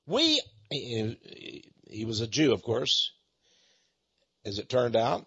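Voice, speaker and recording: A man preaching in an impassioned monologue, emphatic and prone to halting repetitions. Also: medium pitch, very animated, fairly bright tone, husky, dull audio. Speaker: radio preacher.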